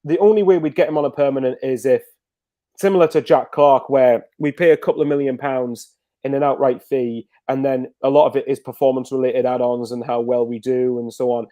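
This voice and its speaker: A man's voice: medium pitch, steady tone, a little fast, mellow, no room sound. A man chatting casually as a guest football fan, rambling with lots of fillers and restarts. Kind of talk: casual video call chat.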